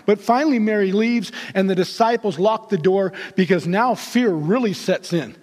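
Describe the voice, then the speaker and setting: A male pastor telling a story in a sermon, animated and acting out the characters' voices. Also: high voice, normal speed. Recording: long hall reverb.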